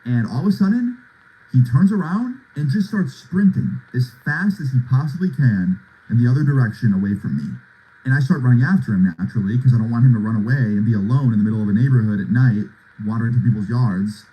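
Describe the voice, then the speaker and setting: A man's voice: medium pitch, quick pace, dark tone, husky, rough recording. A young man casually telling a long personal story, talking loosely with lots of "like" and "right?" as he goes. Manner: loose, filler-heavy retelling with lots of "like" and "right?".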